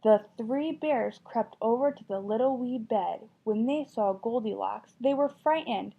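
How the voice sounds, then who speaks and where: A woman's voice: on the high side, a little slow, creaky. A woman teacher reading a children's story aloud with expression, then asking a class encouraging questions about it. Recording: dull lo-fi recording.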